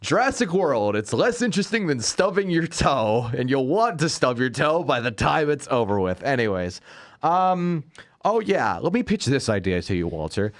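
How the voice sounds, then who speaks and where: Animated, ranting male movie podcast host. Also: medium pitch, normal speed. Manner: ranting, sarcastic, laughs often; lively, animated delivery. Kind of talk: casual movie review chat.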